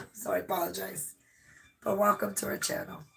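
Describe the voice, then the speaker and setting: A woman's voice: medium pitch, huge pitch swings, moderate pace, fairly bright tone. A woman who is losing her voice, chatting casually and teasingly while co-hosting a live stream at home. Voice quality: hoarse, gravelly. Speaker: channel co-host. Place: home media room.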